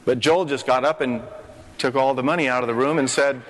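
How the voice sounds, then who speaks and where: A man's voice: medium pitch, fairly even intonation, a little fast, a little hiss or hum. Older man preaching in an echoey hall. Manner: impassioned preaching with rising emphatic phrases. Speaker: pastor. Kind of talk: sermon on a conference stage. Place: conference hall stage. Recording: long hall reverb.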